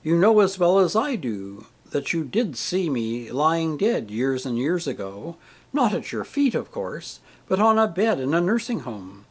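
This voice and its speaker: Man reading as a gentle, saintly lady spirit. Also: on the high side, very animated, unhurried. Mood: teasing. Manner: tender, gently teasing, earnest. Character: radiant, joyful, saintly woman spirit.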